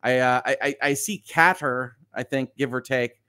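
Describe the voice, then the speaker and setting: A man hosts a live news stream, mixing commentary with replies to viewers' chat. He talks in a halting, easygoing way, restarting sentences and chuckling often. His voice is mid-pitched and the sound is dry, with no room around it. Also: fairly even intonation, sharp tone, clean tone, dry recording. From United States. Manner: hesitant, many fillers and restarts, chuckles often.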